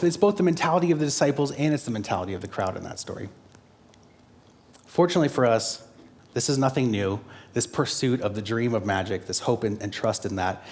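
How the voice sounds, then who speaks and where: A man's voice: medium pitch, darkish tone. Conversational male guest pastor. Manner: conversational, with frequent fillers and self-corrections. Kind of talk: sermon.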